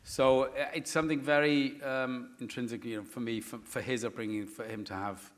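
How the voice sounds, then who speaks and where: A man's voice: medium pitch, steady tone, fairly quick. A middle-aged Welsh man, a first-language Welsh speaker, telling stories on stage and acting out other people's voices with lots of laughter. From Wales. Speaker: guest actor. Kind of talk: animated anecdote telling on stage. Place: stage before a live audience.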